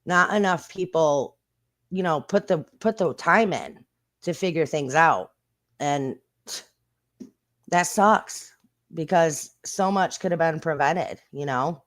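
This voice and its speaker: A woman hosting her own stream, chatting casually in a blunt, rambling way with plenty of swearing and quick bursts of speech. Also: low-pitched. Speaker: streamer and channel host. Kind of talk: casual live-stream chat.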